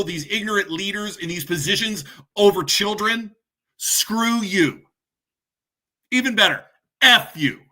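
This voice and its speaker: A man's voice: high voice, sharp tone. A man hosting a podcast, a parent and coach delivering a furious, ranting monologue full of punchy repetition. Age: adult, parent. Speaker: podcast host. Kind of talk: angry monologue to camera.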